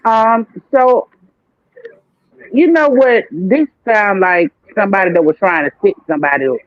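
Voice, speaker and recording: A man's voice: high-pitched, measured pace, no room sound. Blunt man on a tinny phone line. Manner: blunt, plain-spoken. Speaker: panelist. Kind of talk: casual opinionated commentary.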